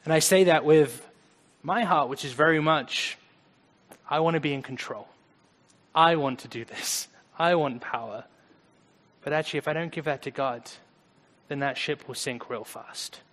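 A man preaching a conversational sermon, earnest, swinging between loud emphasis and quiet asides. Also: a little high, moderate pace. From United States. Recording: long hall reverb.

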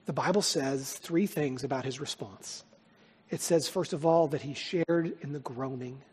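A man with a high, husky voice preaches from the pulpit, pressing hard on some lines and dropping to near-whispers on others. His sermon rings out with a long reverb in a large church hall. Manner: emphatic preaching, swinging from loud to hushed. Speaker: pastor.

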